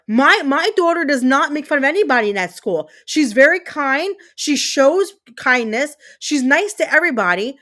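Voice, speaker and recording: High-voiced woman ranting heatedly. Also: animated, normal speed, pushed and bright. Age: 30s. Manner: emphatic, repetitive, heated, swearing. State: fuming. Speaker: livestream host. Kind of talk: angry livestream rant.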